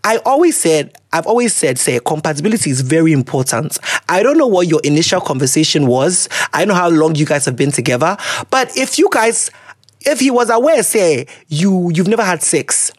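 A woman with a Ghanaian accent hosting a casual advice podcast, blunt and sassy, swinging between English and Twi slang with loud exclamations. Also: lowish voice, animated, slightly rough, no echo, clean studio sound. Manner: blunt, sassy, rapid code-switching. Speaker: podcast host.

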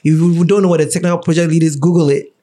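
Playful Ghanaian podcast host, higher pitch. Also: male voice, flat delivery, racing, warm tone. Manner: chatty and playful, laughs often, switches into a mock radio voice. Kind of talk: casual chat.

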